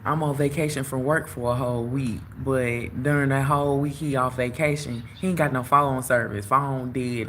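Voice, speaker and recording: A young woman hosting a livestream, telling a story in a casual, animated way straight to her viewers. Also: deep voice, a little hiss or hum. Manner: animated, talks straight to viewers, lots of "like" and "you know". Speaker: tarot reader and livestream host. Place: outdoors at work, phone livestream.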